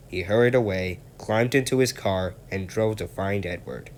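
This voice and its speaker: A man narrates a children's story aloud in a calm, steady reading voice. His pitch sits on the low side. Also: moderate pace, few pauses, slight background noise.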